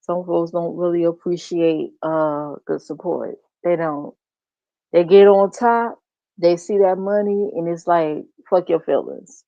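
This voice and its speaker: Slow, blunt, mocking woman streamer. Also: lowish voice, steady tone, warm tone, no room sound. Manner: blunt, mocking, laughs often. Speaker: reaction streamer. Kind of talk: profane gossip commentary. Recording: dull muffled stream audio.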